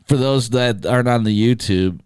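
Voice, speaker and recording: A man co-hosting a podcast in casual chat, animated and joking, swearing casually as he talks. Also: medium pitch, moderate pace, smooth, dry recording. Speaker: podcast co-host, DJ.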